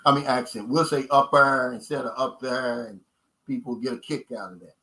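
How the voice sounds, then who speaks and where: A man's voice: medium pitch, fairly quick, a bit bright, rough recording. A man with a Kentucky accent hosting a casual livestream chat, emphatic and folksy, repeating his key points and calling viewers guys. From United States. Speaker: channel host.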